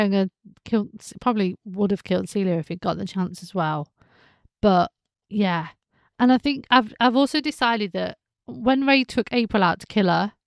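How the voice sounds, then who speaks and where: Female podcast host, casual soap recap, animated, slips into characters' voices; slight fry, dry close mic. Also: mid-range voice, no echo. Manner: chatty, animated, acts out characters' lines.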